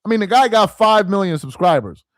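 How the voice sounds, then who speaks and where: A man hosting a sports talk live stream in a laid-back, rambling way, peppering his talk with "man" and "bro". His voice sits a bit high for a man. The sound is dry and close, with no room echo. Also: expressive, a little fast. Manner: loose and rambling, with restarts.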